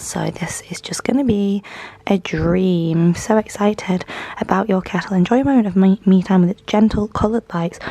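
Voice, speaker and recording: A young woman vlogging casually from a hotel room, gushing and excitable with soft whispered asides, her voice going hoarse. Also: mid-range voice. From northern England. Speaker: lifestyle vlogger. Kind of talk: casual vlog chat.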